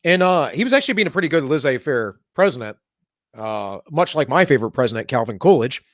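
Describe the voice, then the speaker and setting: A man's voice: mid-range voice, very animated, fast talker, no echo, studio quality. A man co-hosting a live talk show, reading news headlines aloud and mocking them with sarcastic asides. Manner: sarcastic, mocking, slips into mock voices. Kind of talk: casual political banter, reading headlines aloud.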